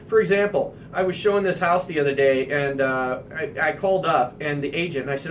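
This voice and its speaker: A man from the American Midwest hosting a radio talk show, telling an anecdote in an animated, emphatic way. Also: fairly high pitch, fairly quick, few pauses, recorded from a distance, a little hiss or hum. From Midwestern United States.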